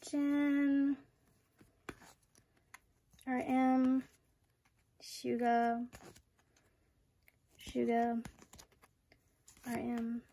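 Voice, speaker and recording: A young woman unboxing collectibles in a casual vlog, excitable and gushing, often giggling. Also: on the high side. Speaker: vlogger.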